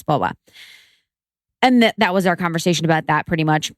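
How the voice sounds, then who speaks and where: A woman co-hosting a podcast, chatting casually and telling stories with animated quotes. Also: fairly low pitch, fairly quick, no room sound, clean studio sound. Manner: chatty storytelling, animated quoting. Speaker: podcast co-host. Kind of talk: casual chat.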